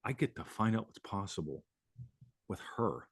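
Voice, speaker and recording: Husky man hosting live. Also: on the low side, animated, normal speed, no echo, studio quality. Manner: rambling, swears, laughs often. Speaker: host. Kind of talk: live show casual chat.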